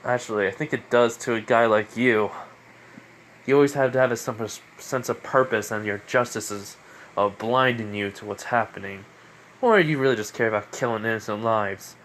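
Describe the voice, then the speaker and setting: A man's voice: fairly low pitch, normal speed, a bit bright, slight background noise. A man casually retelling a fan story at home, rambling with constant fillers and restarts.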